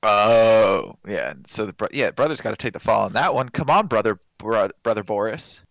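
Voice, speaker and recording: A man trading jokes on a comedy podcast, laughing often as he talks. His pitch swings up and down animatedly, and the recording is dry and close with no room echo. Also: lively intonation, normal speed, creaky, a bit bright. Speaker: podcast co-host. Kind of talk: casual comedic chat.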